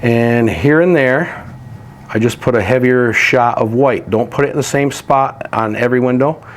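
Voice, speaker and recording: A man gives a step-by-step painting demonstration, talking through each stroke in a relaxed, practical way. His voice sits at an ordinary pitch. A faint noise hangs behind him. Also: normal speed. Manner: relaxed, practical, explains while working. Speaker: painting instructor.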